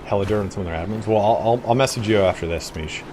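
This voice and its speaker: A man streams a game and chats casually on a desk microphone, rambling in a stop-start way and swearing now and then. His voice is lowish and his pace quick, with a noisy background.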